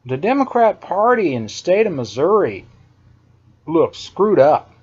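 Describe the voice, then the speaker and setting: High-voiced man in an indignant monologue. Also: sing-song, a little slow, darkish tone, slightly rough. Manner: emphatic and indignant, repeats phrases for effect. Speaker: political commentator. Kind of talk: opinion monologue. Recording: dull lo-fi recording.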